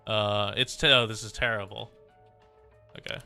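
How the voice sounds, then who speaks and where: A man's voice: on the low side, steady tone, moderate pace, creaky, pushed and bright, clean tone, soft background music. A male streamer casually reacting aloud while reading a game story on a live stream. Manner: casual, reacting aloud between dialogue lines.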